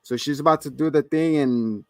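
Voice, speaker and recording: A man's voice: on the high side, moderate pace, darkish tone, no room sound, studio quality. A man co-hosting a casual movie review, retelling scenes with quoted lines and frequent laughs. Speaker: co-host.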